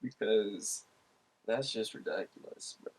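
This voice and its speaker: A man's voice: on the low side, a little slow, darkish tone, poor audio. A man co-hosting a casual podcast chat, ranting and swearing in exasperation. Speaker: podcast co-host.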